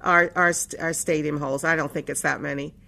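A woman's voice: sits low, fairly even intonation, brisk, vocal fry, bright, forceful tone. A woman hosting a call-in radio talk show. She chats casually, rambles and laughs often, and sounds a little winded and out of breath. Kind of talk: casual on-air chat.

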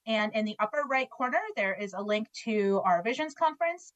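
A woman's voice: mid-range voice, animated, a little fast, dry recording. Woman radio guest speaking for a foundation, friendly, hesitant with fillers, a bit muffled and dry. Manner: friendly, many fillers and restarts. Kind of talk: casual radio interview.

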